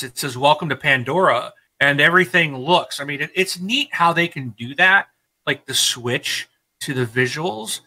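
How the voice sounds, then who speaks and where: A man's voice: medium pitch, poor audio. A man in his thirties co-hosting a casual gaming chat, rambling and laughing as he talks. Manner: rambling, animated, laughs often. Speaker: podcast co-host.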